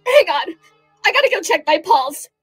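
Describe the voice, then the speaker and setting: Woman voicing an airheaded young politician, very high, bright tone, valley-girl fillers, faint music behind. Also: very animated, moderate pace, heavily acted, poor audio. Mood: melodramatic. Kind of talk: comic satirical monologue.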